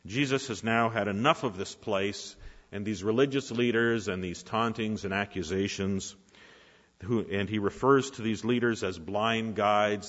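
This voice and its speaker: A man preaching a sermon in a church, asking rhetorical questions with dramatic pauses. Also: on the low side, a bit bright. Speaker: pastor. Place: church sanctuary. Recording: reverberant hall, dull lo-fi sound.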